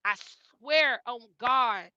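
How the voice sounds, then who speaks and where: Woman, heartfelt storytelling, repeats herself a lot, very bright tone, dry close sound. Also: on the high side, slow pace, dry recording. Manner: repeats phrases, earnest and heartfelt. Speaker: mother telling her family's story. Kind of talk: emotional personal storytelling. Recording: dull lo-fi recording.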